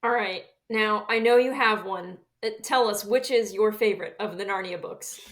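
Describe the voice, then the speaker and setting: A woman co-hosts a relaxed book discussion in a voice of medium pitch. She asks questions in an inquisitive way to prompt her partner. She keeps her delivery casual and conversational. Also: normal speed. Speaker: podcast co-host.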